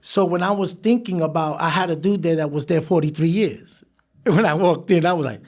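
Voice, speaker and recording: A man as a podcast guest, telling his life story in an animated way, laughing and acting out the people he quotes. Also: a little high, brisk. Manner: animated, laughs through stories, acts out quoted voices. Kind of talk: storytelling interview.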